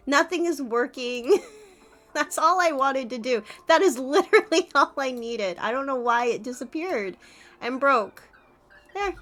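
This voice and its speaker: A woman's voice: high voice, a bit bright. A woman streamer chatting casually with her live audience, flustered and giggling often. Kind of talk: casual livestream chat.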